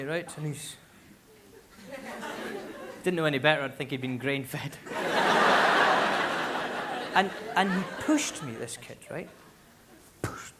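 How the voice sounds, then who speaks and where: A Scottish man doing stand-up storytelling on a large concert hall stage with a stage mic, telling stories animatedly and breaking into loud shouted impressions, to a live audience laughing. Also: on the high side, heavy background noise. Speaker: stand-up comedian.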